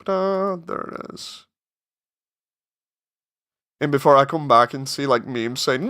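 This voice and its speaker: A man's voice: medium pitch, animated, takes it slowly, pauses often, sharp tone. A man chatting casually on a live stream while working on his animation, rambling, interrupting himself and getting exasperated.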